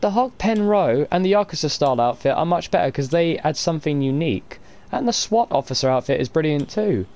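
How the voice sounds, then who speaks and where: A man commentating on a video game, swearing and ranting, his voice hoarse from screaming. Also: a little high, animated, fairly quick, a little mellow, low-quality recording. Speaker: gamer. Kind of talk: gaming commentary.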